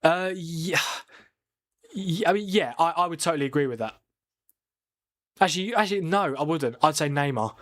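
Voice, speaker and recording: A man's voice: fairly high pitch, expressive, normal speed, long pauses, fairly bright tone. A man hosting a live watchalong stream, chatting casually, debating and answering viewers' comments. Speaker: livestream watchalong host. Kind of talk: casual live football chat.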